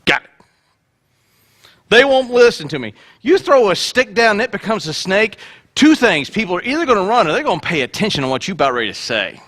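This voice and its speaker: In a playful, joking manner, a male pastor preaches a sermon, very animated and fast. His voice is high and bright, with the pitch jumping around a lot as he tells the story.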